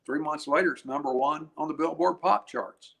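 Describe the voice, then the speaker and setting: An older man, a guest musician, telling anecdotes in an interview in a chatty, animated way, laughing and restarting his phrases. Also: fairly high pitch, moderate pace, vocal fry.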